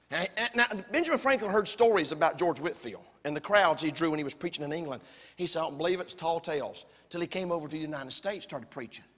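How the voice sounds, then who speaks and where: A man, preaching a fiery sermon loudly, with folksy humor and shouts. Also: sits high, in a large hall. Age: 40s. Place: church sanctuary.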